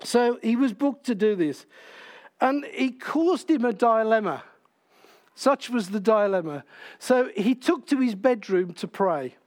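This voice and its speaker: A man's voice: high voice, animated, unhurried, a little mellow. A man preaching a sermon in church, in a conversational way, asking the congregation questions.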